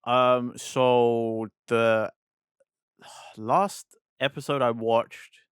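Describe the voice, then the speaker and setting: Chill podcast guy, gets animated telling stories, dry close sound. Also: mid-range voice, very slow, clean tone, no room sound. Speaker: podcast co-host. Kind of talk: casual chat.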